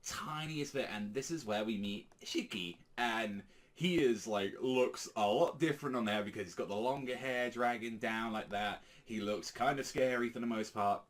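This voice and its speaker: A man's voice: mid-range voice, normal speed. A man giving a casual, rambling manga reaction, full of fillers and swearing. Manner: rambling, filler-heavy, profane. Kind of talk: casual chat.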